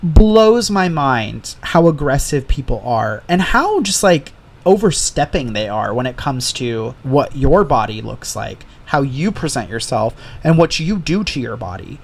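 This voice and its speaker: A man's voice: mid-range voice, very animated, measured pace, creaky. Man swearing through candid stories. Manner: candid storytelling, heavy swearing. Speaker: podcast host. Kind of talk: casual solo chat.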